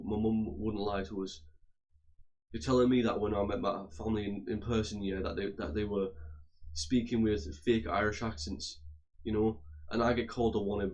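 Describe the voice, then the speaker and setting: Low flat-voiced young man ranting. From England. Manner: rambling, repetitive, argumentative. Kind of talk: casual rant to camera.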